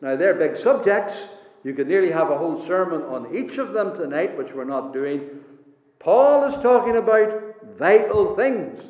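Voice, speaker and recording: A man preaching a sermon in a church, measured and emphatic, repeating his key phrases. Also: sits high, sing-song. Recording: echoey hall on a tinny, phone-like line.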